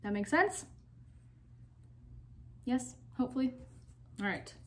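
A woman's voice: high-pitched, expressive, slow pace, fairly bright tone, a little hiss or hum. A young woman teacher giving a recorded phonics lesson for children, patiently repeating and sounding out each syllable.

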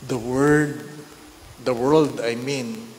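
A man preaching a sermon as a priest, slow and repetitive, letting phrase endings fall to a soft hush. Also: mid-range voice, fairly even intonation, noisy background. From Philippines. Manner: slow, repeating phrases for emphasis. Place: large church. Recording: echoey church hall with faint ambience.

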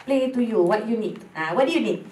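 A woman's voice: on the high side, expressive, fast talker, darkish tone, echoey room, recorded from a distance, slight background noise, low-quality recording. A Malaysian woman talking candidly as a guest, moving between English and Malay. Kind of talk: casual talk show chat.

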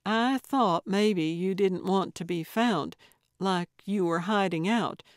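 A woman's voice: mid-range voice, takes it slowly, no echo, clean studio sound, natural voice. A woman voicing a bossy older female amateur sleuth who talks bluntly and pushily. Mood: earnest. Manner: brash, blunt and pushy.

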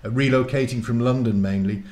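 A man doing a nervous, high little girl. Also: fairly even intonation, brisk, a little mellow, close to an everyday voice. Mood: nervous, rambling. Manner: nervous, rambling. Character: nervous, chatty young girl who wants to sing.

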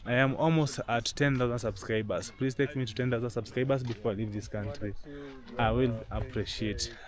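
A man narrates a walking vlog outdoors, guiding the viewer through the farmland in an explanatory way and circling back over his points. He speaks at an ordinary pitch, recorded on an action camera. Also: fairly even intonation, a little fast. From Kenya. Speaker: travel vlogger. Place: outdoors on a rural hillside.

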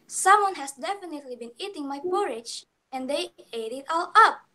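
A woman's voice: high voice, expressive, normal speed, bright, forceful tone, voice pushed up. A woman doing a whiny baby bear. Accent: Indonesian. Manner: crying, insistent.

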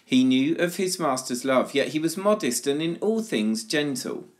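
A man leading prayer time at a church children's service by reading a parable aloud in a measured storytelling manner. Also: on the high side, lively intonation.

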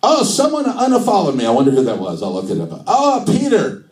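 A comedian putting on a fake Italian accent to play Jesus as an excitable man, talking in broken English. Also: sits high, fairly quick, echoey room, distant mic, pitched above the performer's own voice. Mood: indignant. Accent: put-on Italian. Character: Jesus as a chatty social media user, adult man. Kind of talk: stand-up character bit.

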